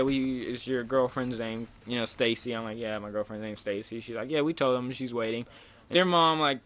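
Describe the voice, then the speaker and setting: A man's voice: mid-range voice, a bit bright, smooth. A young man casually telling a rambling, profane story over gameplay footage, full of fillers. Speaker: gaming vlogger.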